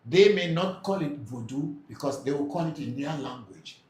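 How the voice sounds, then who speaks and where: Hosting a live Q&A as a spiritual teacher, a man reads viewers' comments aloud and explains with patience and many hesitations. His voice is on the high side, animated and darkish, at a normal speed. Faint background noise and echo come from the room.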